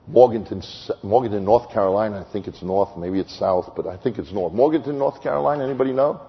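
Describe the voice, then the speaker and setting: A man preaching an evangelistic sermon, telling stories with sudden swings from loud high exclamations to hushed slow tones. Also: breathy edge. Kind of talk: sermon with storytelling. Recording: long hall reverb, dull lo-fi sound.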